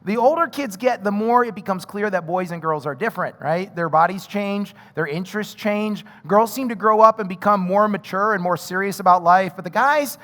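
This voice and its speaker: A male pastor from North Carolina in his thirties, preaching a sermon through an animated personal story with frequent asides to the congregation. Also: high voice, normal speed, hardly any pauses. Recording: reverberant hall.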